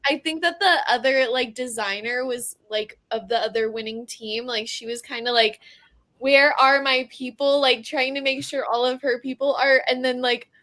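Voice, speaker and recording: A woman's voice: fairly high pitch, fairly even intonation, normal speed, hardly any pauses, fairly bright tone. A woman as a podcast guest in casual chat, rambling and saying "like" often.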